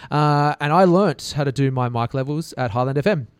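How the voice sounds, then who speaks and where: A man hosts a casual podcast from a radio studio, joking along and making fun of himself. His voice is smooth and clear, and the studio mic sounds dry and close. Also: fairly high pitch, a little fast, dry recording. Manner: joking and self-mocking. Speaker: podcast host.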